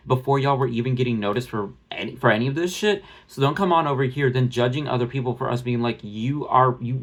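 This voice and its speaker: Brief: male vlogger, mid-pitched, blunt and profane, rambling restarts, phone-recorded rant. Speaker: drama commentary vlogger. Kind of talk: ranting commentary.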